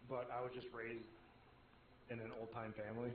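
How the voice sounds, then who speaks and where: A man in his thirties chatting while gaming, with a dry, flat delivery. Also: medium pitch, a little fast, a little hiss or hum. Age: 30s. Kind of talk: casual gaming chat. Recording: tinny phone-like voice chat line.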